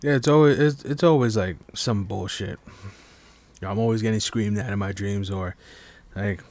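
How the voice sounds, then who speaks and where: At home while others sleep, a man hosts a casual live stream podcast, rambling through a late-night monologue full of stammering restarts and heavy swearing. His voice is on the low side and a little mellow, at a normal speed, in a dry recording.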